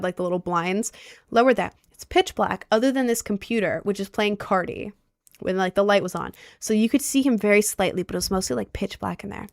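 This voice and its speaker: A young woman in her twenties telling a story casually, rambling and leaning on filler words. Her voice has a gravelly fry, and it sounds dry and close. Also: medium pitch, no echo.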